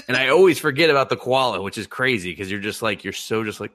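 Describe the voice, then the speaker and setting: A man co-hosts a podcast in casual chat, rambling, laughing and swearing as he retells scenes and mimics people mid-story. His lowish, slightly bright voice moves fast, with no room sound.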